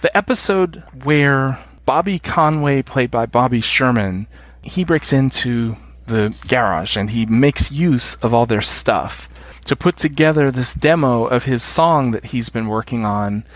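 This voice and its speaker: Speaking a little slowly in a mid-range voice, a middle-aged American man chats casually as a guest on a podcast interview. Enthusiastic throughout, he chuckles a lot and hums tunes to illustrate his explanations.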